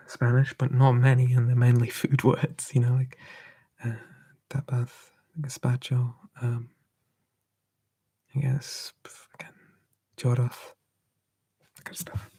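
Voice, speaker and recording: A man streaming live ASMR, whispering softly and answering chat in a relaxed way. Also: medium pitch, creaky, breathy edge.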